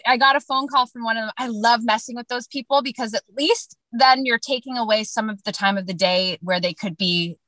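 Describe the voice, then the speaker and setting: Woman, talk-show regular: bright, punchy, dry close sound, playful storyteller. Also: on the high side, brisk, few pauses, dry recording, poor audio. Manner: lively storyteller, playful and teasing. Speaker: radio show co-host. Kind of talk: casual chat.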